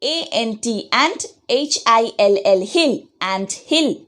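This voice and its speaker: Brief: female teacher, high voice, unhurried, patient dictation for young kids. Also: animated, a bit bright. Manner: slow, patient dictation, spelling words letter by letter. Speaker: schoolteacher. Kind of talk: online class lesson. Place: home.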